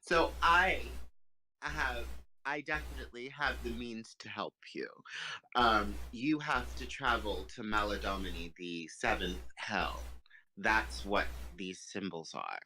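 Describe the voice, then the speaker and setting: A man narrating a tabletop game as game master, slowly and haltingly, with many pauses and fillers. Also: lowish voice, sharp tone, slight background noise, poor audio.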